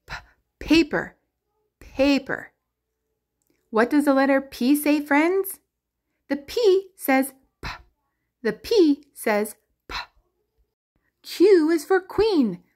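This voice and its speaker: A woman teaching the alphabet to toddlers in a slow, sing-song, exaggerated way. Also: sits high, big pitch swings, darkish tone. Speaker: children's teacher.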